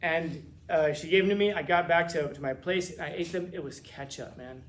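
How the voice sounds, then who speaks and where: Joking, animated man teaching a class. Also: on the high side. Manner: joking, animated storytelling with quick asides. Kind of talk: classroom lecture with jokes.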